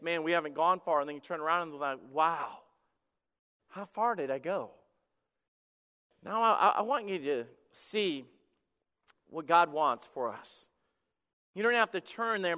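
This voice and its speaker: A man preaching a sermon as pastor, fervently swinging between soft and loud passages. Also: high voice, clean tone, big-room sound. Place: church sanctuary.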